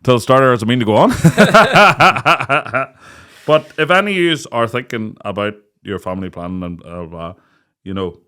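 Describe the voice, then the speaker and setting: A man's voice: medium pitch, moderate pace. A man in his late thirties with a Northern Irish accent, hosting a podcast and telling crude stories with lots of laughter. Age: late 30s. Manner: laughing storyteller, crude jokes, lively. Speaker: podcast host. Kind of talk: casual chat.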